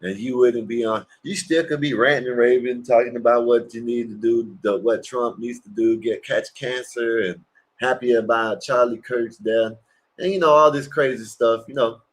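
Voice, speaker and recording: A man's voice: medium pitch, fairly even intonation, normal speed. A man hosting a livestream, giving rambling, crude, mocking reactions to clips. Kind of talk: casual profane reaction commentary.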